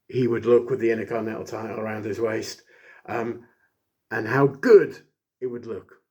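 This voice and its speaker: A man casually reviewing an old wrestling show, rambling with many fillers and jokey asides. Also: on the low side. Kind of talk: casual chat.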